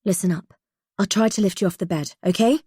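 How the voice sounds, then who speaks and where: A woman's voice: mid-range voice, brisk, warm tone, slightly rough, no room sound, studio quality, close to an everyday voice. A woman voicing a tough, foul-mouthed young rescuer who hisses her words through gritted teeth. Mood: urgent.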